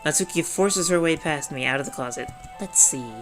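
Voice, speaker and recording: Low-voiced woman reading a visual novel. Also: brisk. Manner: playful, laughs at the script. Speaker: game reader. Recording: clear background music.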